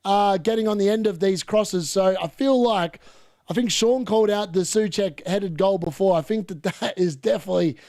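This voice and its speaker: An excitable man giving live football commentary and reaction, shouting at missed chances and mocking the players. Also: high voice, normal speed. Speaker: watchalong streamer.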